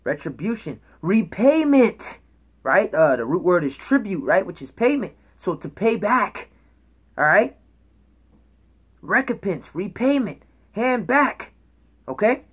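Woman, bible teacher, emphatic preaching, reads verses aloud, asks "okay?" often, average pitch. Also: sing-song, slow, pauses often, husky. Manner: emphatic, checks in with "okay?" and "all right?"; reads scripture aloud and explains words.

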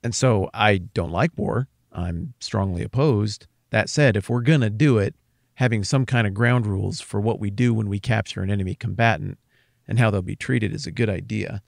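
A man from Wyoming, co-hosting a podcast, talking in an earnest, measured way with a wry edge. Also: fairly low pitch, gravelly, no room sound, clean studio sound. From Wyoming, USA. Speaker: podcast co-host. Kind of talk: casual conversation.

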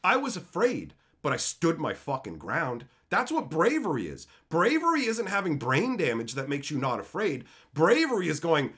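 A man's voice: a little high, wildly swooping pitch, moderate pace, hardly any pauses, fairly bright tone. A man streaming live, reading chat and ranting bluntly with lots of swearing. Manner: profane, blunt, heated ranting. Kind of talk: casual livestream rant, reading chat.

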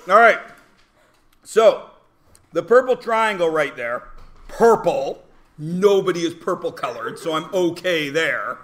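A man teaches a classroom lesson, and his voice sits a little on the higher side. He is blunt and provocative and talks over his students. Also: a bit bright. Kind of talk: classroom lecture.

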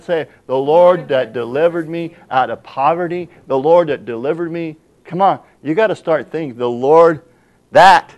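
A man delivers a sermon as pastor in a voice of middle pitch. He reads scripture aloud and presses his congregation with emphatic rhetorical questions. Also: a little mellow.

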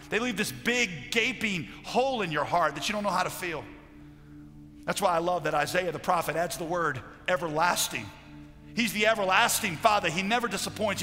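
A man preaching a sermon as a pastor, passionate, moving from loud declarations to hushed storytelling. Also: high-pitched. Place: large conference hall. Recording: live hall recording with long reverb and faint music.

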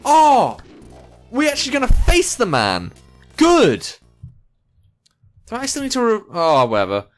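A man hosting a game let's play, reading lines aloud with jokey, excitable, sing-song asides. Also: very high-pitched, a little slow, long pauses, faint music behind.

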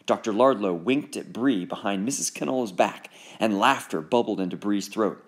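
A man reading a children's book aloud in an expressive, animated narration. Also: on the low side, normal speed. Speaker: audiobook narrator.

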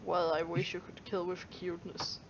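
A woman's voice: on the low side, little pitch movement, moderate pace, lo-fi sound, noisy background. A woman gamer in casual chat, swearing casually and acting mock-annoyed.

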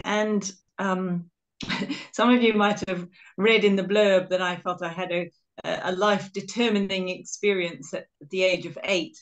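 A middle-aged woman from England giving a webinar talk with slides, telling stories in a chatty, self-deprecating way over a video call. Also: mid-range voice. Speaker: guest speaker.

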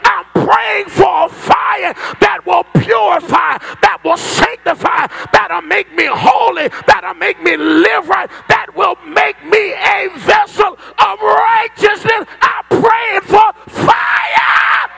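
A hoarse man preaching a fiery sermon in a church, shouting in a rising, chanting cadence. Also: extremely high pitch, lively intonation, slow pace, hardly any pauses, some chatter behind, slight background noise. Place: large church sanctuary.

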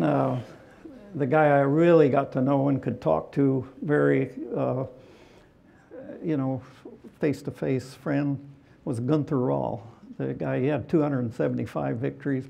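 An older man with a deeply gravelly, crackly voice at a middling pitch tells war stories on stage. He speaks haltingly, full of "uh"s, and chuckles between anecdotes. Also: dark tone. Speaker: retired fighter pilot guest. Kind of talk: onstage interview storytelling.

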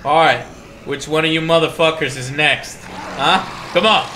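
A man hosting a gaming video, giving casual gameplay commentary that swings into excited, profane shouting. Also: sits high, moderate pace, noisy background.

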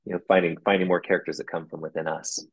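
A man's voice: sits low, flat delivery, very fast, breathy edge. A man talking as a guest in a casual interview, reflective and rambling, with lots of restarts. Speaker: guest puppeteer.

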